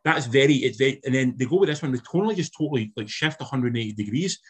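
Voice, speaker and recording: A man's voice: medium pitch, lively intonation, racing, husky. A man co-hosting a casual film review chat, giving long, analytical critiques with sweary asides. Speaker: film podcast co-host.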